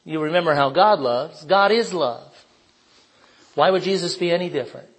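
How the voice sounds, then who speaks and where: A man's voice: a little high, normal speed, slightly rough, rough recording. A man preaching an informal sermon in a conversational way, asking the listeners questions and telling personal stories.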